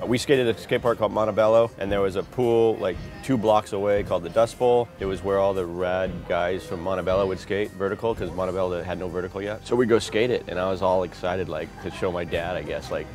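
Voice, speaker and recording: A man's voice: sits low, fairly even intonation, fast talker, hardly any pauses, darkish tone, faint music behind. A skateboarder around fifty telling old stories in a rambling way, often laughing as he goes. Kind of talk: casual storytelling interview.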